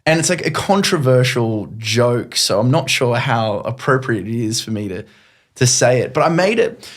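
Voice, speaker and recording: An animated middle-aged man, a guest presenter who spins anecdotes at a brisk clip, jumping between ordinary talk and acted-out quotes of himself. His voice sits in a moderate register and moves freely. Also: medium pitch. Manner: animated, quick, acts out his own past lines. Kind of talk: conversational storytelling.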